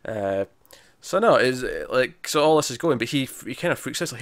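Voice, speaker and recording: A man's voice: medium pitch, expressive, a little fast, dry recording. A man casually recapping a TV episode with a friend, retelling scenes with many restarts and frequent laughs. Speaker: podcast co-host.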